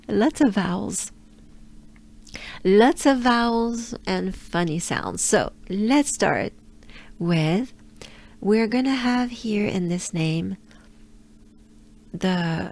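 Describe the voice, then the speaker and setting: Slow, patient French woman teaching pronunciation. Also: medium pitch, animated, darkish tone. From France. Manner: patient, repeats sounds many times, laughs lightly. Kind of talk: slow drilled pronunciation lesson.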